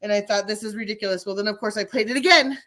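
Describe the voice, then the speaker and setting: A middle-aged woman telling stories in casual chat, acting out the quotes with lively energy. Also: medium pitch, very fast, heavy background noise. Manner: animated storyteller, acts out quotes.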